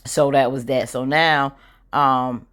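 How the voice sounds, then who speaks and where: A woman's voice: a bass voice, fairly even intonation, slow, fairly bright tone, clean tone. A woman giving a casual, opinionated recap of a TV drama, chatting freely and acting out bits of scenes as she goes.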